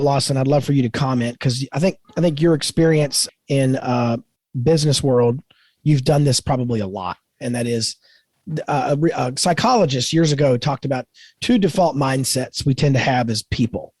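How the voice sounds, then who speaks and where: A man's voice: on the high side, no room sound. A middle-aged man co-hosting a faith-based podcast, talking earnestly and animatedly about growing as a dad. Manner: earnest, animated storytelling with quoted voices. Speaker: podcast co-host.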